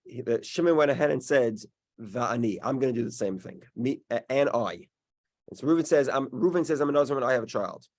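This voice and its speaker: In a class that meets in person and also streams online, a Talmud teacher with a medium-pitched, animated voice explains each case step by step. His delivery is halting and slow, full of restarts as he thinks the logic through out loud.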